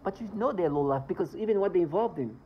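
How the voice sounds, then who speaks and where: A man's voice: high voice, expressive, quick pace, muffled recording, slight background noise. A man ranting indignantly in a vlog monologue, swearing as he talks. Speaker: vlogger.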